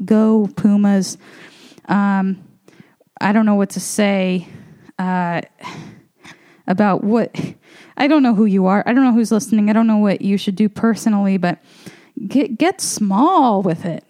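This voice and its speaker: A comedian's warm, medium-pitched voice carries a relaxed monologue as she moves about her apartment, a little out of breath. Her talk is rambling and loose, thick with fillers, with an occasional curse.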